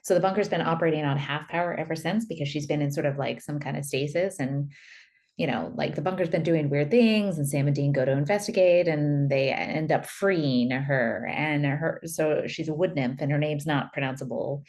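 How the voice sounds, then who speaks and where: A woman with a low voice summarizes a plot in a loose, rambling style. She fills pauses with "like" and "you know." She is a panelist in a casual fan talk. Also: a little mellow.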